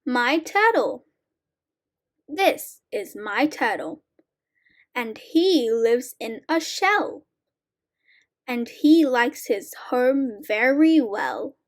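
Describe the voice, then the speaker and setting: A woman slowly reading short sight word poems aloud for young learners, clear and deliberate. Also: fairly high pitch, lively intonation. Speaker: reading teacher.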